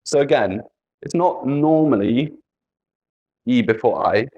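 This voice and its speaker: A man's voice: medium pitch, animated, slow pace, mellow, muffled recording. A man teaching an English spelling lesson, patiently repeating letters and example words.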